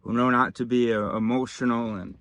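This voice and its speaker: A man delivers a sardonic, rambling satirical monologue from his desk, dropping into low mutters and then jumping into louder bursts. His voice sits at a middle pitch. The recording is dry and close, with no room sound. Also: fairly even intonation, fairly quick, dry recording, highs cut off.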